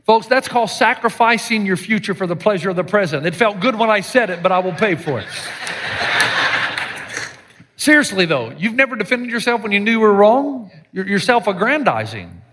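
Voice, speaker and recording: A man preaching a sermon as pastor, animated and joking, with sudden shouted lines. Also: sits high, fairly quick, hardly any pauses, background noise. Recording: live sermon with long hall reverb.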